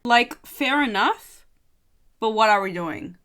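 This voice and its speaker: Young woman ranting about a book, snarky, bright voice, swears a lot. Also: a little high, lively intonation, slow pace. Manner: sarcastic, giggly, swears freely. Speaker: book reviewer. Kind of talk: casual ranting book review.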